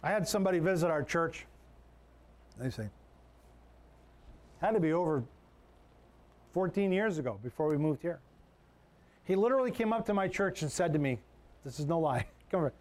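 A man's voice: a little high, animated, normal speed, long pauses. A man preaching a sermon as a pastor, in a conversational way, often repeating words and restarting sentences.

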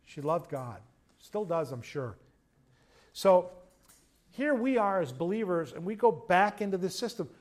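A man, a pastor telling a story in a conversational sermon, moving between loud emphasis and quiet asides. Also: sits high, very animated, a little slow, pauses often. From United States.

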